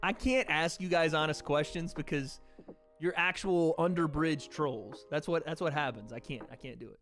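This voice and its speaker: A man's voice: fairly high pitch, moderate pace, a bit bright, soft background music. A young man from the American South chatting casually on a livestream, reading donations and trailing off with laughs. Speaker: streamer hosting a watch party.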